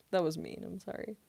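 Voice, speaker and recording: Slow, mellow-voiced young woman streamer. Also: on the low side, creaky, breathy edge. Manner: chatty and giggly, coos at her cat. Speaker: voice actress streaming. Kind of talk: casual live-stream chat.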